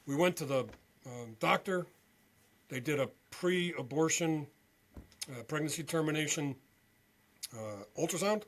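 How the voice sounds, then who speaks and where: A male veteran and podcast guest telling a story in an animated way, often checking in with "okay?". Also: a little high, unhurried, long pauses. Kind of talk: storytelling interview.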